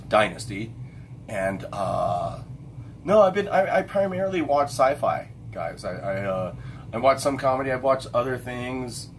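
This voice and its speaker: A man's voice: mid-range voice, lively intonation, a little slow, slight background noise. A middle-aged man hosting a casual late-night livestream chat, rambling and stopping to hunt for names with lots of fillers and restarts. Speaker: livestream host.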